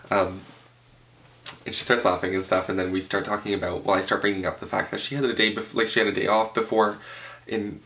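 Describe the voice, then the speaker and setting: A young man from Canada tells a storytime vlog at home, chatty and animated, swearing freely and stuffing his sentences with fillers. His voice sits fairly low and has a gravelly fry running through it. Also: a little fast. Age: young adult. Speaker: vlogger. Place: room at home, tablecloth backdrop.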